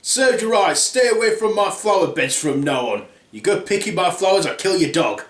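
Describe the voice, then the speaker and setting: A man voicing a grumpy, shouting male landowner in a comic fairy tale, loud and cross. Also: fairly high pitch, big pitch swings, normal speed. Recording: roomy echo.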